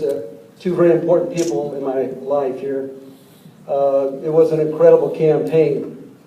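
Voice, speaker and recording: A man's voice: on the high side, highs cut off. A man in his sixties giving a folksy, joke-filled political speech to an audience in a large hall. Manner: folksy, tells jokes, repeats words. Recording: echoey hall, distant mic, crowd noise.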